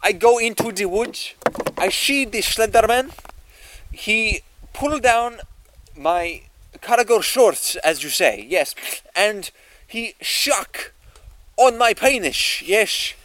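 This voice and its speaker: A man putting on a crude foreign man with a thick accent, speaking in slow, broken grammar. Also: high voice, fairly even intonation, no room sound, pitched above the performer's own voice. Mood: crude storytelling.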